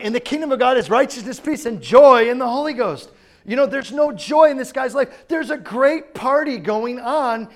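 A man preaching a sermon in a conversational way, often asking the congregation whether they understand. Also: extremely high pitch. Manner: conversational preaching, asks the crowd questions. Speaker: pastor.

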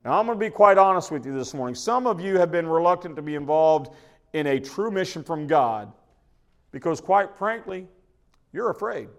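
Pastor, man with a high voice, folksy sermon delivery with frequent restarts. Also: expressive, moderate pace. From Oklahoma. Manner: folksy, conversational preaching with repeated restarts.

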